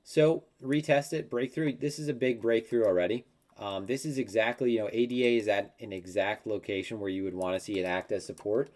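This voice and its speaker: A man's voice: lowish voice, fairly even intonation, fairly quick, darkish tone. A man in his thirties talking casually through market charts on a live stream, rambling a little and acting out mock quotes. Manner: rambling and conversational, with many fillers and mock quotes. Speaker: crypto market analyst.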